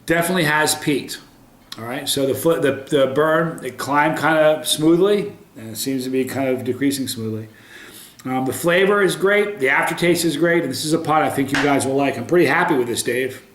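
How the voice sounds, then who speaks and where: A man's voice: medium pitch, brisk, a bit bright. A man doing a casual pepper tasting review to camera, upbeat, with many ums and restarts. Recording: roomy echo.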